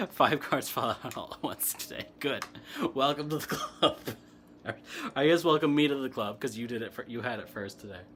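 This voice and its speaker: A man's voice: mid-range voice, sing-song, moderate pace, a bit bright, slight background noise. A man giving a casual, rambling tarot chat, answering comments and laughing often. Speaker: tarot reader and streamer. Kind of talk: casual spiritual chat, reading tarot cards.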